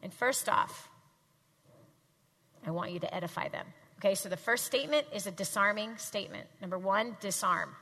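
A woman's voice: mid-range voice, normal speed. Emphatic woman preaching in a reverberant hall. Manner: emphatic, animated, repeats lines for the crowd to echo. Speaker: speaker teaching a live audience. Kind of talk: faith-based teaching talk. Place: large hall with audience.

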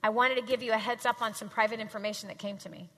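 A woman teaching a room full of people in an emphatic, animated way, pausing to have them repeat her lines back. Her voice is bright and forceful, and it rings with a long reverb through a big hall. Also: a little high. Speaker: speaker teaching a live audience. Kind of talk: faith-based teaching talk. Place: large hall with audience.

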